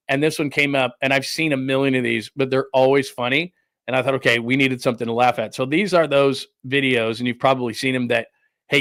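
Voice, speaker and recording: A man's voice: medium pitch, fairly bright tone, no room sound, clean studio sound. A middle-aged man hosting a sports talk show, chatting casually in a rambling way and laughing often. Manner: rambling storytelling with frequent laughs. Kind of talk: casual chat.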